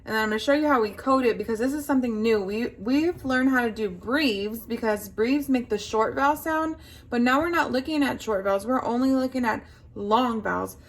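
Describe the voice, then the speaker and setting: A woman teaching a phonics lesson to young children, slowly sounding out words and prompting the class to answer. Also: on the high side.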